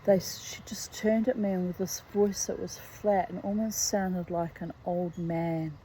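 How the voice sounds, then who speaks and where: A middle-aged woman reading aloud from her own memoir, reflective and halting, with frequent asides. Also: lowish voice, fairly even intonation, mellow, a little hiss or hum, rough recording. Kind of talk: personal storytelling read aloud.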